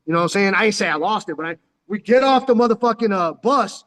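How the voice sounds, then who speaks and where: Telling rambling life stories into his phone, this San Diego man swears and uses slang freely, calling the listener "dog" over and over. He speaks fast and expressively in a high, fairly bright voice. A long hall reverb colors the recording.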